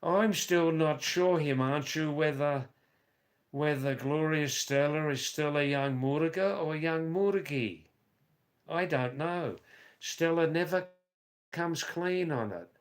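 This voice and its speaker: A man hosting a live stream, reading out viewers' chat comments and answering them in a slow, rambling way with dry teasing asides. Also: a little high. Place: Nepal or India.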